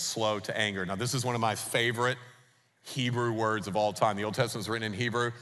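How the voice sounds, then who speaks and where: A man's voice: lowish voice, steady tone, fast talker, fairly bright tone. A man preaching a sermon as pastor, emphatic and putting rhetorical questions to the congregation. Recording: long reverb of a large hall.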